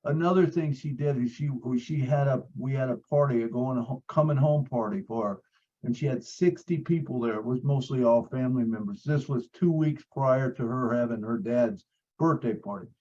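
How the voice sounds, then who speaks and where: A man's voice: medium pitch, moderate pace, a little mellow, highs cut off. A man sharing a personal story on a video call, earnest, repeating phrases, with many fillers. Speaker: support group member.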